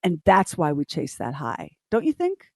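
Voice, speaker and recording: A woman's voice: low-pitched, moderate pace, gravelly, no room sound, clean studio sound. A middle-aged woman from Philadelphia, a radio co-host telling vivid stories in casual chat. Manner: vivid, animated storyteller.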